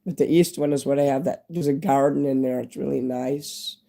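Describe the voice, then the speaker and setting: Man in his fifties, live streamer. Hoarse, stuffy-nosed, mellow voice, rambling and candid. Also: mid-range voice, steady tone, a little fast. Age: 50s. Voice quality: stuffy nose. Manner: rambling, candid, talks straight to viewers. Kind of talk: casual live-stream chat with viewers.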